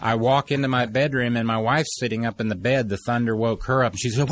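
A middle-aged man telling an earnest personal story, with halting restarts and pauses. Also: mid-range voice, steady tone. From United States. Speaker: speaker telling a personal testimony.

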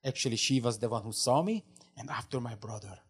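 A man's voice: mid-range voice, brisk, breathy edge. A man who learned English as a second language, telling a fervent faith testimony as an interview guest, in broken English full of restarts and repeated words. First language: not English.

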